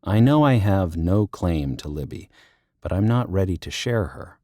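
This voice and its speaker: A young man narrating a romance audiobook in the first person, his voice low and mellow. He reads in a wry, intimate and playful way, close to the mic in a dry studio with no room sound. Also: expressive, moderate pace, no room sound.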